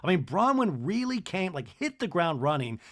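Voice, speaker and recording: A man's voice: sits high, very animated, moderate pace, fairly bright tone, dry recording, clean studio sound. A man hosting a podcast, casually recapping a reality show in a chatty, gushing way. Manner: chatty, gushing, trails off and restarts. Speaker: podcast host.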